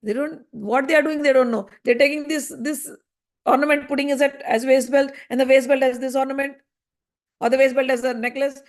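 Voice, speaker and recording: Woman, high voice, animated storytelling, scripture lesson. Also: fairly quick. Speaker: scripture class teacher.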